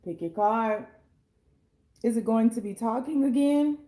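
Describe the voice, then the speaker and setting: A young woman with a hoarse, fading voice, chatting casually and bluntly as she reads tarot cards, swearing now and then. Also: on the high side, a little slow, mellow. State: hoarse, losing her voice. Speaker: tarot reader and life coach.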